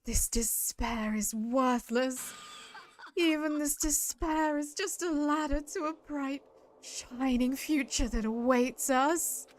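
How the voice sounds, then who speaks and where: A woman voicing a calm, eerie young man obsessed with hope in a game, speaking softly and in measured phrases. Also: high voice.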